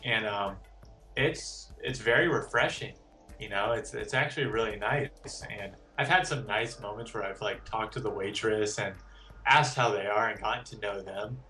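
A man's voice: on the low side, moderate pace, pushed and bright, far from the mic, faint music behind. A man talking as a guest on a podcast in casual chat, candid and rambling, with many "like" fillers.

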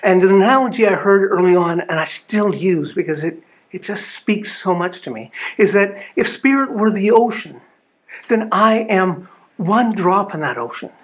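A man's voice: high voice, lively intonation, normal speed. A man giving an earnest, storytelling sermon at a spiritual living center. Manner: earnest storytelling with small restarts.

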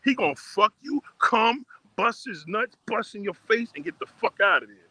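A man's voice: sits high, lively intonation, moderate pace, sharp tone, no room sound. A man ranting profanely and emphatically on a livestream, repeating himself as he talks outdoors on a phone. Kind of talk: casual rant on a livestream.

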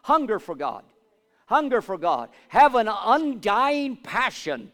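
A man preaching as a pastor, asking the congregation for amens and building to loud fervent declarations. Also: high voice, sing-song, measured pace. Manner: repetitive call-and-response, asks for amens. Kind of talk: sermon. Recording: long hall reverb.

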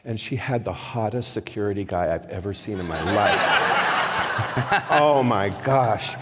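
Low-voiced man telling anecdotes. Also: unhurried. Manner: lively anecdotes, laughing. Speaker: interviewer. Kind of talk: storytelling conversation on stage. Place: event hall before an audience. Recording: reverberant hall, faint hum.

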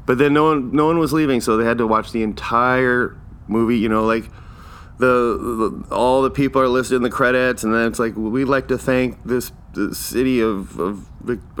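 A man hosting a podcast, telling a rambling, animated story in a casual solo monologue. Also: mid-range voice, slight background noise. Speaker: podcast host.

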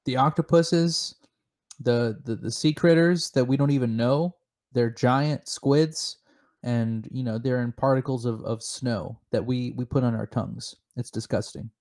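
A man co-hosting a comedic chat show, spinning deadpan, mock-serious theories with lots of halting restarts. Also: mid-range voice. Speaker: podcast co-host.

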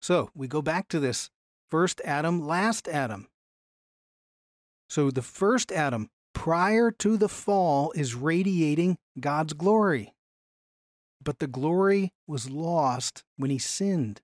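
A man teaches a Bible class from his slides, speaking in a fairly high voice. He is animated and often slows down to lean on key phrases. The sound is dry and close, with little room around it. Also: dry recording.

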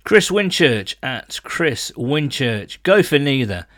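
A man co-hosting a casual sports chat, reading listener messages aloud and adding his own quick takes. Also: medium pitch, big pitch swings, fairly bright tone, no echo, studio quality. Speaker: podcast co-host reading listener comments.

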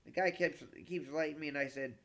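Bright-voiced profane comedian telling a story. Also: male voice, fairly high pitch, fairly quick. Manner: animated, profane, stammering restarts. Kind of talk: casual podcast storytelling.

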